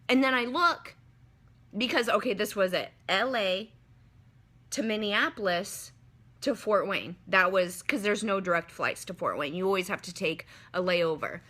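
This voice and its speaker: A young woman with a bright, clear voice tells her story to livestream viewers in casual chat. She swears freely and keeps turning to her audience. She speaks into a phone held close in a hotel room. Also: mid-range voice. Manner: animated, swearing, talks straight to viewers as "y'all". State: upset after crying. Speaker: livestreamer telling a travel story.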